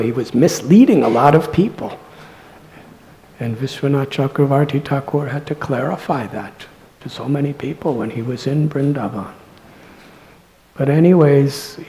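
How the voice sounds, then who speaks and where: A man, a monk, telling devotional stories in a scripture class at a temple, soft-spoken and often dropping to near-whispers. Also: mid-range voice, moderate pace, rough recording. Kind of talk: devotional lecture storytelling.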